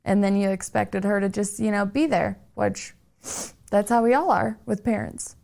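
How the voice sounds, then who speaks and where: A woman hosts an interview podcast in an even, flat-toned voice. She listens with empathy and reflects on what her guest says, restating his feelings back to him. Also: medium pitch, moderate pace, vocal fry. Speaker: podcast host. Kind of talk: conversational interview.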